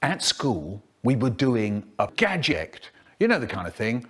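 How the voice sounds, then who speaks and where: A man telling a children's story in a spliced comic edit, with drawn-out words and sudden squeaky jumps in pitch. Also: sing-song, fairly bright tone, husky.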